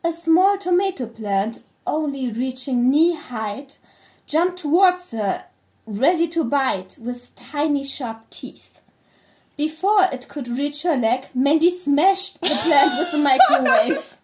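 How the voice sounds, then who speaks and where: A woman narrating a story she co-wrote in a brisk, steady reading manner. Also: high voice.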